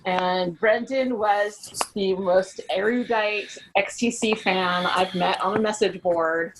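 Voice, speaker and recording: A woman's voice: medium pitch, fairly even intonation, slow. A woman in her thirties hosting a podcast from home, chatty and giggly. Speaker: podcast host. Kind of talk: casual chat. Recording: home recording with noticeable background noise.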